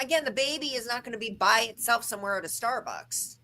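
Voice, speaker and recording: A woman co-hosting a casual live gossip chat, animated and sarcastic. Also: a little high, fast, poor audio. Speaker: co-host.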